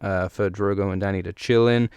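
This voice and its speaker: A man's voice: low-pitched, steady tone, brisk, a little mellow, smooth, no room sound. A man hosting a podcast, recapping a book chapter in a joking, profane, rambling way. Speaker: podcast host.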